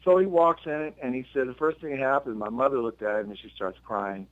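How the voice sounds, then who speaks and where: A man, a musician and guest, telling a long personal story in a casual interview, jumping in pitch as he acts out others' lines and often restarting his sentences. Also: brisk, dry recording. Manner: animated storyteller acting out quotes with sudden pitch jumps and many restarts. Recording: dull lo-fi dry radio recording.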